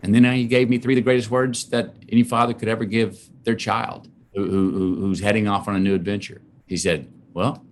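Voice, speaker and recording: A man's voice: on the low side, brisk, hardly any pauses. A man, a guest on a podcast interview, telling a personal story in a reflective way and acting out the quotes. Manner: animated, reflective storyteller who acts out quotes. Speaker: actor guest.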